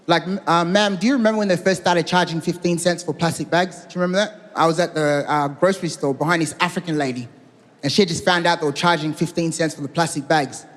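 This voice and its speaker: High-voiced stand-up comedian in a live hall. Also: male voice, fairly even intonation, fast talker, fairly bright tone. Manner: punchy storytelling, acting out dialogue. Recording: live hall reverb with crowd.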